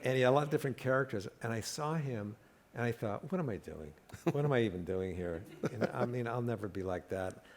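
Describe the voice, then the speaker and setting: Speaking fairly quickly in a mid-range voice, a middle-aged comedian guest shares stories in a conversation on a live talk event stage. He laughs along with his own jokes and acts out the quotes.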